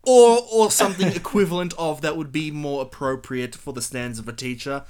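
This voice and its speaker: Guy on a film podcast, rambly and animated, keeps painting little scenes, swears a bit. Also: a little high, a little fast. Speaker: podcast co-host reviewing films. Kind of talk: casual film review chat.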